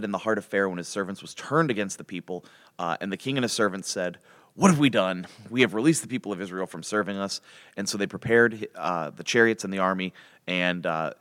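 Emphatic low-voiced man preaching. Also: fairly bright tone, no room sound, clean studio sound. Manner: casual, emphatic, frequent restarts and rhetorical questions. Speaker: pastor. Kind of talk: sermon, Bible teaching.

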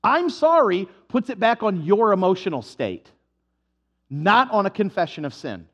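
A male pastor preaching a sermon, animated and humorous, acting out little dialogues as he goes. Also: high voice, normal speed. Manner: animated, acts out dialogues with comic voices.

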